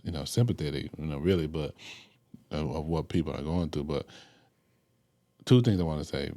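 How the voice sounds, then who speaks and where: A pastor hosting a podcast, reflecting in a casual, preacherly way with many affirmations and filler phrases. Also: male voice, rumbling low, brisk, warm tone. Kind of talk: casual interview chat.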